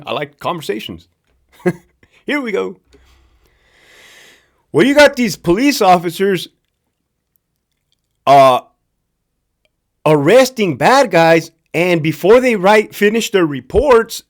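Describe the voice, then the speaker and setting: Ranting on his own show, a middle-aged man from Southern California who formerly worked as a prison guard talks to camera in a casual monologue. He has a high voice and is profane and sarcastic, hammering points home through repetition.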